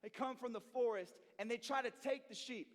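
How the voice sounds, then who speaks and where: Energetic youth pastor, high voice. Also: male voice, brisk, long reverb tail. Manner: energetic, slangy storytelling. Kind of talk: sermon to youth.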